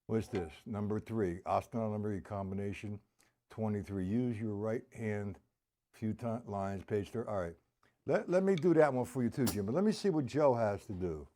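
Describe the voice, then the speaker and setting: This live-stream drum teacher keeps it informal, chatting with viewers and reading out their comments between exercises while drums play in the gaps. His voice is lowish and dark, at an ordinary speed.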